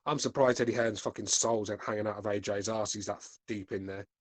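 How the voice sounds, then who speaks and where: A man's voice: fairly low pitch, fairly even intonation, brisk, no echo. A man hosting a podcast, reading live chat with laid-back, crude, mocking banter. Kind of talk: casual live-stream chat.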